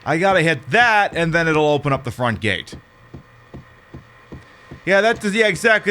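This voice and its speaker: Animated man joking through a game stream. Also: normal speed, long pauses, slight background noise. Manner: joking, talks back at the game, jumps from loud outbursts to low mumbling asides. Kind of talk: casual game commentary.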